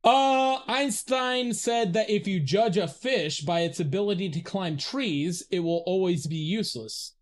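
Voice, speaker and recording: A man live-streaming a video game, talking in a rambling, profane, excitable way and laughing often. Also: sits high, a little slow, hardly any pauses. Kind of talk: live gameplay stream chat.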